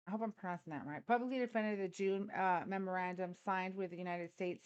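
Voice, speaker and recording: Her mid-range voice is clean, though the recording comes across muffled. She hosts an informal political livestream from a hot indoor room on her phone, speaking bluntly, cursing freely and ridiculing the people watching.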